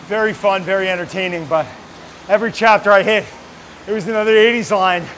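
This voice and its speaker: Upbeat high-voiced man chatting mid-workout. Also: fairly even intonation, a bit bright, slight background noise, poor audio. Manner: chatty, upbeat banter with quick laughs. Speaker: fitness trainer and show host. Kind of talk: casual chat during a workout. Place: gym.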